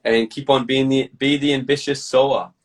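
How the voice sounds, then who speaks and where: A man being interviewed, talking bluntly with lots of swearing and lively storytelling. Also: medium pitch, moderate pace, far from the mic, poor audio. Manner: blunt, profane, animated storytelling. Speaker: guest. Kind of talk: casual interview chat.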